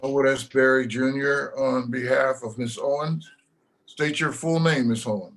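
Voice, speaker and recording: A man working as a defense attorney, speaking in brisk, formal, formulaic courtroom phrases. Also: medium pitch, steady tone, a bit bright, rough recording. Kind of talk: courtroom proceedings.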